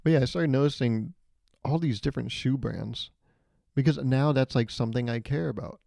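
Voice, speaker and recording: Here a young podcast host delivers a solo comedic monologue, rambling and self-deprecating, chuckling at his own jokes. He speaks at a moderate pace in a warm mid-range voice with vocal fry. It's studio-quality sound with no echo, captured on a studio microphone while he listens in headphones.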